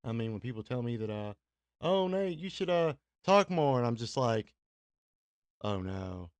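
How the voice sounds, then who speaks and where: A man's voice: mid-range voice, animated, moderate pace, clean tone, dry recording. A man with a Kentucky accent, a radio host and DJ talking casually and rambling on a livestream, self-deprecating and laughing often between fillers. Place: small home studio.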